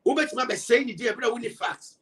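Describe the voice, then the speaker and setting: A man's voice: very high voice, fairly quick, a bit bright, recorded from a distance. A man with a Ghanaian accent, a political party member giving a heated rebuttal, emphatic and full of rhetorical questions as he switches between Twi and English.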